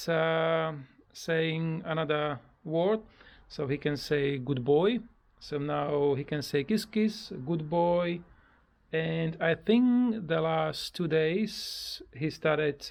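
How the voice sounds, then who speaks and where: Casual home vlogger, unhurried with a rough fry, stumbling through non-native English, cooing to the pet. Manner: hesitant with many fillers and restarts, non-native English grammar; coos in a high sing-song voice when talking to the bird. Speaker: parrot owner showing a homemade bird playground. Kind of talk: casual home video chat. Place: at home beside the parrot.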